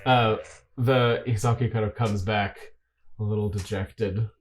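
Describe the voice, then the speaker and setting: A man's voice: fairly low pitch, fairly even intonation, measured pace. A man narrating a science-fiction tabletop game as game master, laid-back.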